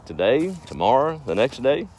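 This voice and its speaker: A man's voice: medium pitch, sing-song, moderate pace, a little mellow, slight background noise, voice pushed up, close to an everyday voice. A man voicing an eager, zealous preacher who talks in earnest bursts. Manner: earnest, emphatic.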